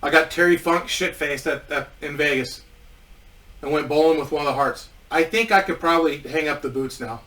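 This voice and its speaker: A man's voice: fairly high pitch, moderate pace, bright, forceful tone, distant mic, low-quality recording. A man telling a casual story about his wrestling days, rambling with many restarts and frequent swearing.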